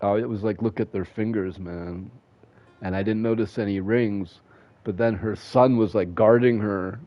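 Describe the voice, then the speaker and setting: A man's voice: lowish voice, steady tone, moderate pace. A man streaming a game, telling rambling, profane stories in a casual way. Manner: rambling, profane, laughs at his own stories. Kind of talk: casual storytelling while gaming. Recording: dull dry home mic.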